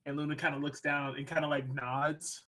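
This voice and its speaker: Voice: medium pitch, flat delivery, moderate pace, sharp tone. A player in a tabletop game describing what their character does.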